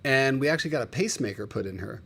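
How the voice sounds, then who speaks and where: A male livestream host chatting casually at an average pitch, telling heartfelt personal stories. He talks with open emotion and calls out his viewers by name. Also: lively intonation, racing, creaky, a bit bright, slightly rough.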